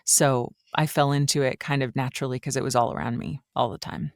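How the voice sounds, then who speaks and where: Woman guest, raised in Switzerland, chatty storyteller, smooth clear voice, dry close sound. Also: rumbling low, steady tone, a little fast, dry recording. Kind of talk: casual interview chat.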